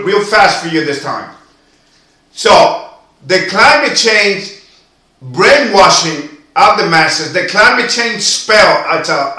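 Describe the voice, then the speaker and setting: A man's voice: sits high, pushed and bright. A man giving an impassioned monologue to camera, preachy and emphatic, repeating and drawing out his phrases. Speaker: video commentator. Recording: very echoey room.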